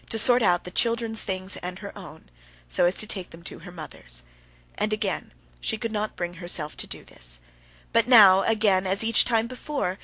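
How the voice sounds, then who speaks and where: A woman reading a classic novel aloud as an audiobook narrator, in a measured, even manner. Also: medium pitch, dry recording, low-quality recording.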